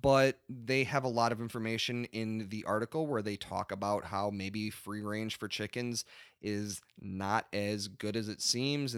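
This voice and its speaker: A man hosting a casual podcast, ranting with lots of swearing and animated asides. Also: fairly low pitch, clean tone, dry recording, clean studio sound. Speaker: podcast host.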